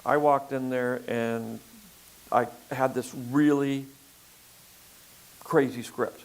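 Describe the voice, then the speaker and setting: An older man filmmaker in a relaxed interview conversation, talking in a rambling way with frequent fillers and restarts. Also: mid-range voice, takes it slowly, rough recording. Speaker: filmmaker guest.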